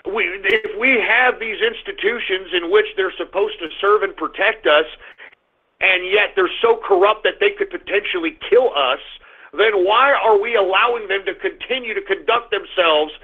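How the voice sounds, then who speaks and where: This high-pitched talk radio host delivers a call-in monologue full of ranting, cursing and sudden loud outbursts. His slightly rough voice moves at a moderate pace and sounds thin and tinny, as if over a phone.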